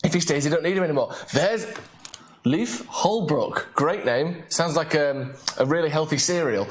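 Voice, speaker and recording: A man's voice: a little high, normal speed. A man hosting a casual late-night live stream, chatting and reading out viewer comments. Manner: chatty, reads viewer comments, gets loudly excited over a match.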